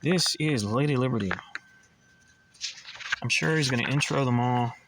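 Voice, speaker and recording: A man's voice: medium pitch, normal speed, background noise. A man casually reading through comics, chatting and rambling in asides and stumbling over words now and then. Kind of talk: casual comic read-along.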